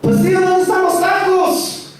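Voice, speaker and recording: Comedian putting on an excited hood uncle voice, high-pitched, bouncy, echoey hall from far off. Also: male voice, normal speed, soft background music. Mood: hyped. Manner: shouty slang-heavy enthusiasm. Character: excitable Spanglish-talking male uncle from the hood. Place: live comedy show stage. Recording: echoey room, far-off mic.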